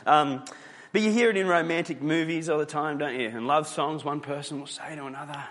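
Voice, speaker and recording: A man's voice: fairly high pitch, a little fast, fairly bright tone, big-room sound. A man preaching a sermon as pastor, talking conversationally and telling stories, with many fillers and restarts.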